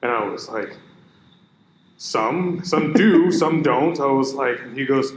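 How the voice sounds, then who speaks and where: A man's voice: mid-range voice, slow pace. Guy telling a gym story, lots of quoting back and forth, echoey room, faint hiss. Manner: animated anecdote-telling, quoting others. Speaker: podcast co-host. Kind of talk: casual chat, storytelling.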